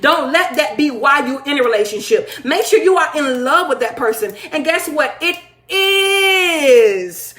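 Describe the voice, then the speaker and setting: On a casual livestream, a high-voiced woman hosts a talk show, chatting and reading viewer comments aloud. She's lively and playful, teasing her audience and laughing a lot. The audio echoes as though she's in a bare room.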